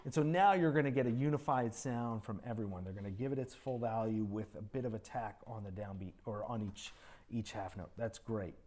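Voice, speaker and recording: A man's voice: lowish voice, fairly quick, a little mellow. Man, composition teacher, encouraging, sings rhythms aloud, music school rehearsal room. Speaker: composition master class teacher. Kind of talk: coaching a student composer at a rehearsal.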